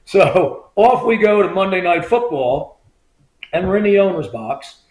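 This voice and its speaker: A man with a somewhat high voice tells a long story as a guest, animated and chatty, slipping into the voices of the people he quotes. The room gives his voice a noticeable echo. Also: a little slow. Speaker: guest, former state trooper. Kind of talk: casual storytelling interview.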